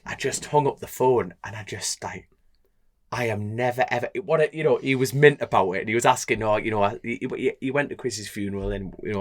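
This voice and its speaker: A young man with a Geordie accent, chatting on a podcast and telling a story while acting out the voices. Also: mid-range voice. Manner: animated storyteller, acts out voices, laughs often. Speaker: podcast co-host, road racer. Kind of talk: casual chat, storytelling.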